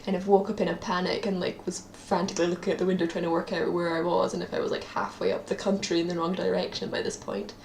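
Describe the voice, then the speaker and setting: A woman's voice: on the low side, fast talker, creaky, few pauses, roomy sound, noisy background. A young woman with a Scottish accent, chatting in a rambling, self-deprecating way for her daily video diary, with lots of ums. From Scotland. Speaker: vlogger. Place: at her parents' home, indoors.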